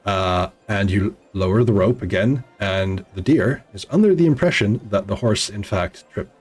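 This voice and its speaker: A man narrating a tabletop game as game master, halting and full of restarts. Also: fairly low pitch, breathy edge.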